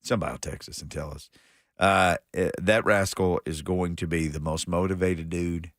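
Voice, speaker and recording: A man's voice: low voice, steady tone, normal speed, dry recording, studio quality. A man co-hosting a sports radio show, talking casually and playing along with his partner's jokes. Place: radio studio.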